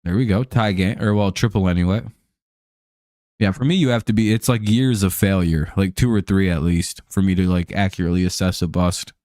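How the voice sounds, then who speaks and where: An American man calls plays and rambles casually through a live stream, swearing and filling gaps with "like" and "um". His voice sits on the low side. The sound is dry and close, with almost no room echo. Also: steady tone, a little fast, a little mellow. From United States. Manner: rambling, profane, heavy on fillers. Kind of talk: casual chat over a live baseball game.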